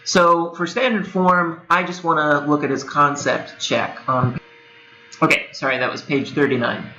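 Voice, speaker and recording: A young man gives a recorded lecture in a bright, slightly high voice, explaining ideas in a loose, conversational way with playful asides. The room is echoey, and a machine whirrs in the background. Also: unhurried, dull audio, soft background music. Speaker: instructor.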